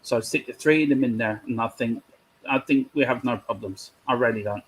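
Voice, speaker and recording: A man with a husky voice, speaking as a guest in a casual fan chat. He is earnest and opinionated and sticks firmly to his views. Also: mid-range voice, fairly quick, rough recording. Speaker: guest pundit.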